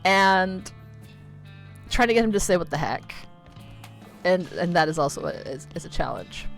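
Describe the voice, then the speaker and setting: A woman's voice: on the low side, expressive, moderate pace, vocal fry, faint music behind. A woman in her thirties chatting casually while playing a video game, rambling with lots of fillers and easy swearing. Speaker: streamer.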